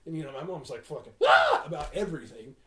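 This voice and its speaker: A man's voice: a little high, expressive, racing, a little mellow, echoey room. A man telling a long story in casual podcast chat, swearing and acting out what people said. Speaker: podcast host.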